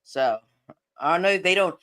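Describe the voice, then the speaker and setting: Casual co-host chat, bright tense voice, lively pitch, laughs often, teasing. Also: moderate pace.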